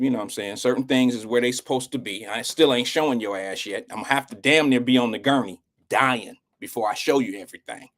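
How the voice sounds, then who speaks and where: A man's voice: mid-range voice, fast talker, hardly any pauses, a bit bright. A middle-aged man hosting a live show, telling a rambling, slangy and emotional story in casual talk.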